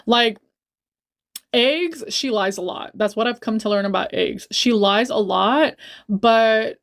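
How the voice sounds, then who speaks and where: A woman's voice: on the high side, slow pace. A young woman livestreaming a casual storytime, blunt and profane, heated and repeating herself for emphasis. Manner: blunt and profane, swears a lot.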